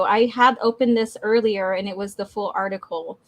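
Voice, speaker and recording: A woman hosting a casual group chat over a video call, playful and quick to laugh. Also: medium pitch, fairly even intonation. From Sioux reservation, United States. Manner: laughs often, playful, chatty. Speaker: podcast host.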